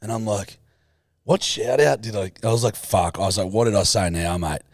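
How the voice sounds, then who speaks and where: A man's voice: lowish voice, normal speed, dry recording. A young man co-hosting a podcast, swearing freely and acting out his own stories in casual banter. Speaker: podcast co-host.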